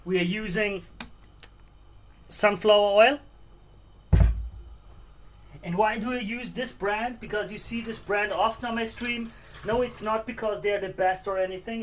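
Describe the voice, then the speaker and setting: High voiced guy, cooking and rambling on a live stream in his kitchen. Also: fairly bright tone. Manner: chatty, thinking aloud while cooking, moving around the kitchen. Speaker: stream host cooking a stew. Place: home kitchen.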